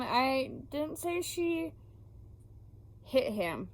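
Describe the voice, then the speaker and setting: A woman book vlogger ranting casually about her reading, swearing often and filling pauses with ums. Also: medium pitch, bright, forceful tone, rough recording.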